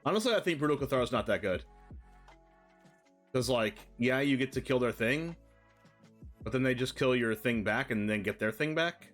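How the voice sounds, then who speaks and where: A man chatting casually on a live stream, thinking aloud in quick rambling asides while building a card deck. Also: medium pitch, lively intonation, soft background music.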